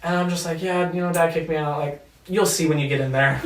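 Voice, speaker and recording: A young man as an interview guest, telling his story in a candid, animated way and swearing freely. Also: a little high, quick pace, a little hiss or hum. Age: young adult. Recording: echoey room, distant mic.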